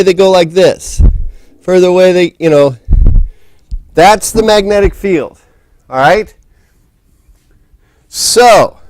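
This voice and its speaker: A man's voice: sits high, a little mellow, dry recording. A man lecturing a physics class in a casual, rambling way, often restarting his sentences. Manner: rambling, restarts often, talks while setting up. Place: lecture hall.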